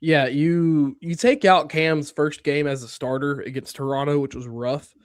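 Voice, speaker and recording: Slightly high-pitched male co-host, emphatic, reassuring, dry close sound. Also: steady tone, dry recording. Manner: emphatic, reassuring, quick restarts. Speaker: podcast co-host. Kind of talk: casual sports podcast chat.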